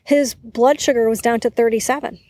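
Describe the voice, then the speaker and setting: Woman, interview guest, lively storytelling, higher voice, dry close sound. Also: a little fast, no room sound. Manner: animated storytelling, acts out quotes in high voice. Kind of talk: casual interview chat.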